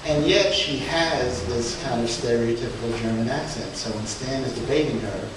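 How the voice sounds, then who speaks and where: Halting man talking through slides. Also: mid-range voice. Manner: halting, many restarts and fillers, chuckling. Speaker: speaker at a book event. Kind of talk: informal slide presentation. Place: event room in a museum. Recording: echoey room, far from mic, background noise.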